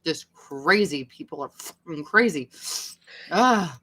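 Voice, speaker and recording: A woman hosting a live video chat, reading history notes aloud and thinking out loud, swearing casually now and then. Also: low voice, lively intonation, slow, slightly rough, low-quality recording. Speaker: host. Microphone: video call.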